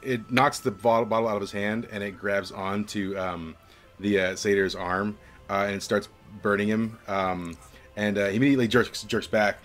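A man's voice: on the low side, steady tone, normal speed, a bit bright, soft background music. A young man narrating as game master of a tabletop game, rambling with lots of fillers.

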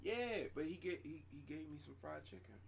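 A man from New Jersey telling a profane, animated story in a casual group chat. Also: fairly high pitch, moderate pace, gravelly, slight background noise. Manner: animated, profane, laughs through stories.

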